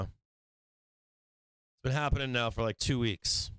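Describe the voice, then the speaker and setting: A man's voice: medium pitch, fairly quick, pauses often, fairly bright tone, clear, resonant tone, no echo. A man hosting a stock trading live stream, talking casually, swearing and venting frustration about his trades.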